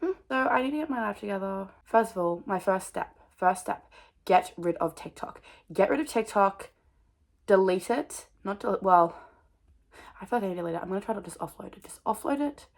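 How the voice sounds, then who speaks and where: Young woman vlogger, creaky voice, casual rambling overshare with lots of laughs and restarts. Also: medium pitch, expressive, a little fast. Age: young adult. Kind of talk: casual rambling chat to camera.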